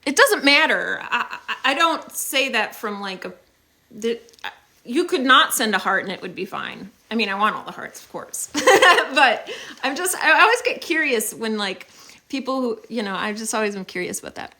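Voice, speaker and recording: A woman's voice: fairly high pitch, sing-song, moderate pace, bright, forceful tone. A young woman hosting a casual livestream on her phone, chatty and upbeat as she thanks viewers, with many fillers. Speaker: livestream host.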